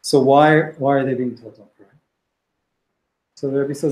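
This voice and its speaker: A man's voice: medium pitch, steady tone, normal speed, pauses often, darkish tone. Man teaching a text class, echoey. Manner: reads Hebrew text then explains it, with frequent restarts. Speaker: Torah teacher.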